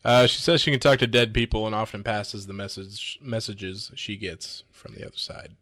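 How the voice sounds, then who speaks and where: A man's voice: lowish voice, fairly even intonation, normal speed, fairly bright tone. Dry-humored man reading out odd news. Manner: dry, reads news items aloud with wry comments. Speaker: podcast co-host reading news. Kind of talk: casual podcast chat.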